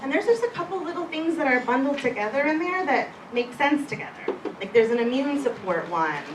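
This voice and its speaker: Lady presenting at a live event, high-ish voice, talky and casual, echoey room, mic kinda far off. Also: expressive, fairly quick. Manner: chatty and conversational, self-deprecating asides. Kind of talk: live seminar talk. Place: event room before an audience. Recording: echoey room, distant mic, background noise.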